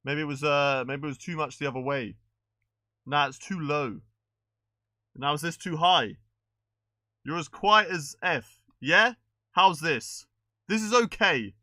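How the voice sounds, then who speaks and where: A man's voice: on the high side, unhurried, pauses often, sharp tone, no echo. A man streaming a racing game live, chatting casually with his viewers while he fixes his microphone settings. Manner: chatty, fiddling with settings, checking with chat. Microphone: desk microphone.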